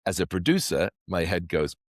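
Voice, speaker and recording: A man with an English accent, a podcast guest, chatting casually in a rambling, animated way. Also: deep voice, normal speed, dry recording, clean studio sound. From England. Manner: rambling, animated storyteller who acts out quotes. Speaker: podcast guest, actor and magician. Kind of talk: casual interview chat.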